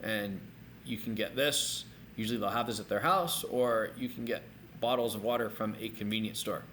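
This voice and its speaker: A middle-aged man giving a recorded language lesson, energetic and repeating words slowly for learners to copy. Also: fairly low pitch, a little hiss or hum. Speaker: language teacher.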